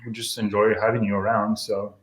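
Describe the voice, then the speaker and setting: A Frenchman of around 30 with a French accent speaks candidly as an interview guest, joking and laughing often in casual chat. His voice is fairly low, level, and a little fast, recorded with the roomy sound of a home kitchen.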